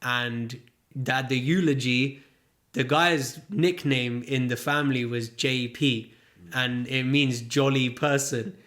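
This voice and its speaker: A man as an interview guest, speaking earnestly and haltingly in a candid personal conversation, often restarting his sentences. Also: mid-range voice, steady tone, fairly bright tone.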